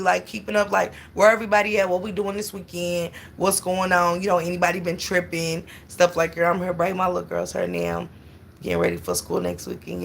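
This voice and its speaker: Chatty middle-aged woman with a gravelly edge. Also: mid-range voice, fairly bright tone, a little hiss or hum. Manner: chatty, greets viewers by name. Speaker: livestream host chatting with viewers. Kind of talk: casual livestream chat.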